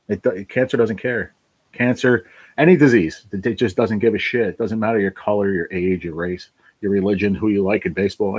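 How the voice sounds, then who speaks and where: A middle-aged man hosting a casual livestream, his voice low and a bit husky. He talks bluntly and emotionally, swears freely and rambles from one tangent to the next. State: fighting back tears. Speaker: channel host.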